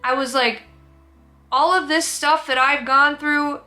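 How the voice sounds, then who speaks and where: A young woman speaks in a high, bright voice, candid and close to tears. She rambles and restarts as she tells a personal story straight to camera in a sit-down vlog. Soft music plays faintly underneath. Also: steady tone, a little slow. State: teary, emotional. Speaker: vlogger.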